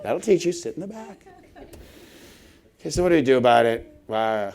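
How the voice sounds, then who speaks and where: A middle-aged man giving a humorous conference talk, animated and laughing often as he acts out little scenes. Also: medium pitch, normal speed, long pauses. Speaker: conference speaker. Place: conference hall stage.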